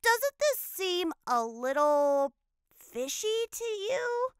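A cautious, clever little girl twin from a cartoon, as a woman puts her on. She sounds skeptical and slightly softer than her sister, still high and bright, speaking slowly. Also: very animated, no room sound, clean studio sound, heavily acted. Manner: skeptical, a bit dreamy.

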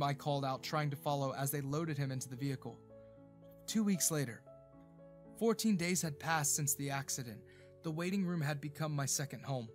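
Brief: male narrator, somewhat high voice, dramatic emotional storytelling, faint music bed. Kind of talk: scripted first-person narration of a romance story.

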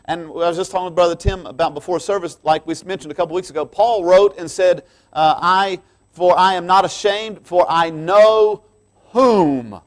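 A man preaching a sermon as pastor in a church, swinging from quiet asides to loud, emphatic passages and laughing between lines. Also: a little high.

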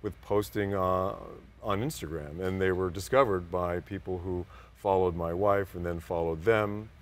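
An older man with a fairly low voice sits in as an interview guest. He talks in a relaxed, casual way and drifts through rambling anecdotes. He slips into other people's voices as he tells them. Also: moderate pace.

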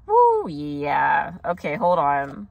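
A woman's voice: deep voice, huge pitch swings, vocal fry, a little mellow, no echo. Chatty woman giving a casual tarot reading. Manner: chatty, filler-heavy, quick asides and mock quotes. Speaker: tarot reader.

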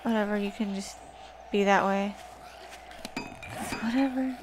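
A woman's voice: mid-range voice, fairly even intonation, a little slow. Swearing woman gamer, noisy recording. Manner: swears often, chats to the zombies. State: wearing a wrist brace. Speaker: gaming channel host. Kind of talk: casual gameplay commentary.

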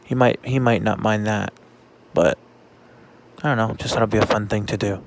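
A man talking casually in a vlog, halting often with fillers and restarts. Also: lowish voice, steady tone, gravelly, background noise. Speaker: vlogger.

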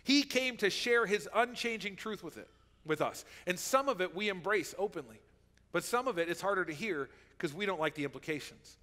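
Guy preaching a sermon, high sharp voice, long church reverb, keeps asking okay?. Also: animated, a little fast. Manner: conversational preaching, checks in with "okay?". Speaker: pastor. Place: church sanctuary.

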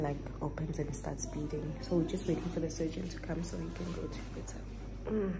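A woman's voice: lowish voice, gravelly, background noise. A woman vlogging in a casual, chatty way, talking straight to her viewers. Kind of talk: casual vlog chat to camera.

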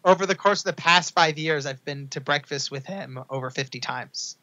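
Young male guest storyteller, bright forceful voice, dull lo-fi sound, acts out quotes. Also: normal speed. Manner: acts out quotes in a high excited voice. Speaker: podcast guest, author. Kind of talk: animated storytelling.

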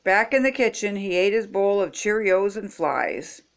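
An older woman reading picture books aloud expressively, stopping to chat with young viewers. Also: medium pitch. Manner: slow, expressive, chatty asides to young viewers. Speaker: storybook reader.

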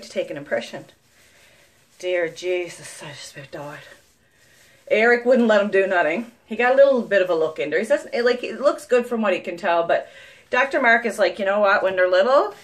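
A woman's voice: medium pitch, fairly bright tone. A young woman from Newfoundland with a thick Newfoundland accent, chatting casually to camera as a mother. She rambles through stories, swears freely and breaks into laughter often. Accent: Newfoundland English. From Newfoundland, Canada. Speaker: vlogger, mother. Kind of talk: casual chatty vlog monologue.

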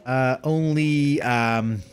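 A man commentating a video game as he plays, excitable and panicky, talking to himself, with game music behind him. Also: mid-range voice, drawn-out words, clear, resonant tone. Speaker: let's play host.

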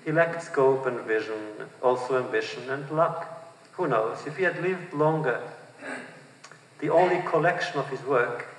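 Man reading his novel in a reverberant hall. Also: mid-range voice. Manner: measured, expressive reading that lifts for quoted speech. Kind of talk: literary reading before an audience. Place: large auditorium. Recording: distant mic in a reverberant hall.

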